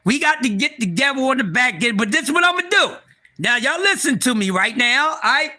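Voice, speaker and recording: A man hosting a casual livestream, excitable and profane, talking straight to his viewers and often repeating and restarting. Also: extremely high pitch, a little fast. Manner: excitable, profane, talks to chat. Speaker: livestream host.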